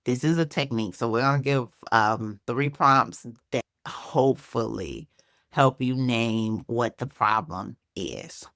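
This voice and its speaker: A woman's voice: extremely low pitch, expressive, unhurried, fairly bright tone, no room sound, studio quality. A woman with a Chicago accent talking casually to camera as a faith-based self-help speaker, peppering her talk with "like" and "right?". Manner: conversational, frequent "like" and "right?" tags.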